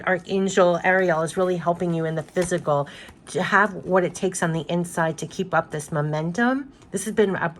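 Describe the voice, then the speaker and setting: A woman's voice: fairly low pitch, a little hiss or hum. A woman giving a spiritual card reading, talking in a loose, rambling way and repeating reassurances emphatically. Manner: loose and rambling with many restarts. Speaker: tarot card reader.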